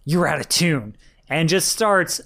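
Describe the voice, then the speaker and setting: A man chatting on a film review podcast, his voice sitting a bit high for a man. He retells scenes with animated energy and acts out the dialogue as he goes. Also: unhurried, creaky. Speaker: podcast co-host. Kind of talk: casual film review chat.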